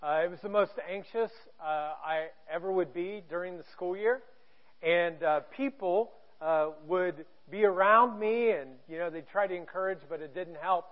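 A pastor from Indiana preaches in a church auditorium, candid, self-deprecating and joking. His voice sits high at a moderate pace, and the recording sounds tinny and narrow, like a phone.

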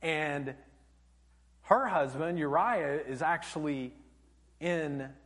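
A male pastor preaching a sermon, telling stories animatedly and dropping to a hush for emphasis, in a church auditorium. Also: fairly high pitch, slow. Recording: long church hall reverb.

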